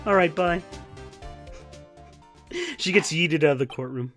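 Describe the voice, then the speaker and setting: A man's voice: on the high side, unhurried, long pauses, a bit bright, soft background music. A man from New York giving goofy, joking commentary over a game and laughing often. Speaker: let's play streamer. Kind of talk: casual gameplay commentary.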